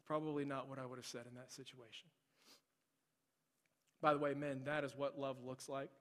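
A pastor preaching a sermon, swinging from loud, urgent delivery to hushed near-whispers. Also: male voice, mid-range voice, flat delivery, moderate pace. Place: church sanctuary. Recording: long hall reverb.

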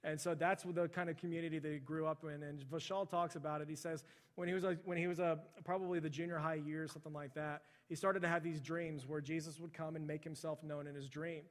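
A man's voice: a little high, little pitch movement, fast, in a large hall. A man preaching a sermon, talking conversationally and slipping into the voices of the people in his stories. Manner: conversational, relives stories by voicing the people in them. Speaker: pastor. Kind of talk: sermon storytelling.

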